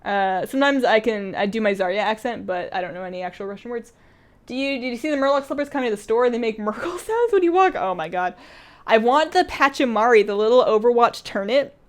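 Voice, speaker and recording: A chatty woman game streamer talking casually through a live stream, with a fairly high voice. She reads chat messages aloud and laughs often as she plays. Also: lively intonation, fast talker.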